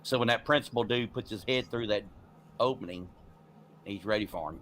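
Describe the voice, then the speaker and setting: A man's voice: on the low side, fairly quick, fairly bright tone. A man chatting casually with friends, sharing movie trivia and laughing at his own impressions. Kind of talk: casual chat.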